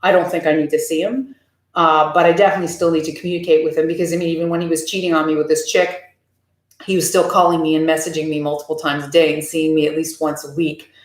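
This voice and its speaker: A woman's voice: deep voice, flat delivery, fast talker. Chatty woman streamer in a roomy space. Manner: candid, chatty, reads and answers viewer comments. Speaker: live streamer. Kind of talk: casual live-stream chat. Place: home room. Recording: roomy echo.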